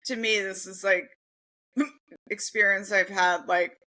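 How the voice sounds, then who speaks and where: A woman's voice: medium pitch, steady tone, takes it slowly, pushed and bright, poor audio. A woman born in the Philippines co-hosting a podcast in casual chat, talking loosely with lots of fillers. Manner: conversational, lots of "like", mimics voices. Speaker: podcast co-host.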